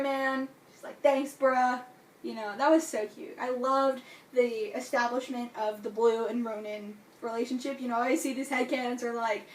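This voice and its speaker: Gushing young woman with a high voice. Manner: gushing, excitable fan talk full of "like" and "you know". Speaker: book vlogger. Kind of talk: casual book review. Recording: echoey room, distant from mic.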